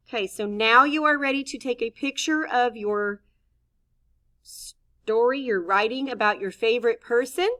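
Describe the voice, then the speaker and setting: A woman's voice: fairly high pitch, fairly bright tone. A woman teacher giving a recorded writing lesson for young children, patiently thinking aloud as she models each sentence. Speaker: elementary school teacher.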